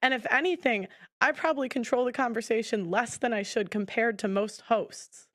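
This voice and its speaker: A woman hosting a podcast debate, blunt and quick to interrupt, often repeating words as she pushes her point. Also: on the high side, dry recording, studio quality. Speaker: podcast host. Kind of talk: heated debate.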